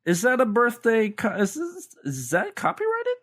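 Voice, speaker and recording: A man co-hosting a podcast in casual chat, rambling and jumping up in pitch when surprised. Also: moderate pace. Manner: rambling, animated pitch jumps. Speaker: podcast co-host.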